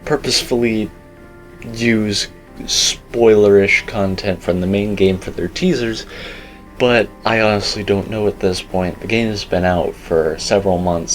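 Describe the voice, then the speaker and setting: A man's voice: low voice, fairly even intonation, normal speed, faint music behind, rough recording. A young man giving casual, rambling commentary on a game teaser, opinionated and full of filler words. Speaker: gaming YouTuber.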